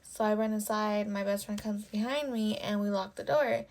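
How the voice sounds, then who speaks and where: A woman's voice: mid-range voice, moderate pace, darkish tone. A young woman telling a personal story in a casual vlog, swearing and filling her speech with "like.". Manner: casual and profane, with constant "like" fillers. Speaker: storytime vlogger.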